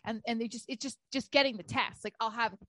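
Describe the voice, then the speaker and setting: A woman's voice: on the high side, quick pace, fairly bright tone, a little hiss or hum. A woman in her thirties telling candid personal stories in casual chat, swearing freely.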